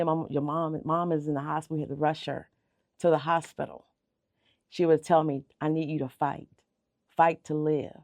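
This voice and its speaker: A woman's voice: low-pitched, darkish tone, dry recording, studio quality. A middle-aged woman, a bakery owner, telling her story in a radio interview, earnest and heartfelt, sometimes repeating words when moved. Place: radio studio. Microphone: radio studio microphone.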